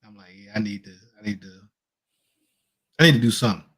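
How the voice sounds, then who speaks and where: A man's voice: on the low side, animated, fast, fairly bright tone, breathy edge. A man in his thirties co-hosting a casual talk show, speaking in a laid-back, joking way. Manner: laid-back, joking, loose Southern-style speech. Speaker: podcast co-host. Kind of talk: casual chat.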